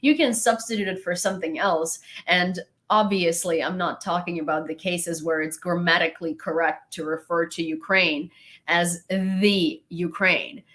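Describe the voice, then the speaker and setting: A young woman talks casually to her live-stream viewers in a slightly low voice. She rambles, restarts her thoughts and breaks off to thank people in the chat with a laugh. The tone is loose and conversational rather than scripted. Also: steady tone, normal speed, a bit bright.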